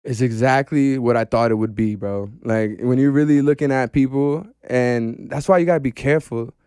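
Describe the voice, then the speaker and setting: A man talking casually as a podcast guest, animated and slangy, saying "bro" often. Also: mid-range voice, normal speed, clean tone, dry recording, studio quality.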